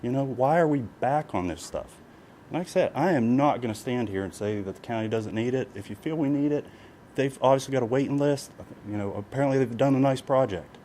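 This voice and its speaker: A man's voice: mid-range voice, fairly quick, warm tone. A man pleads his case as a property owner during public comment at a county meeting. He talks in an emotional, repetitive way, circling back with "you know" again and again. A faint hum sits behind him in the meeting room.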